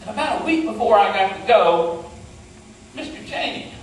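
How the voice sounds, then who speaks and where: Lively West Virginian storyteller on stage. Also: male voice, high voice, moderate pace, a little hiss or hum. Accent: West Virginian Appalachian. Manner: folksy and playful, self-deprecating. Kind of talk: humorous live tall-tale storytelling. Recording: echoey hall, mic from far off.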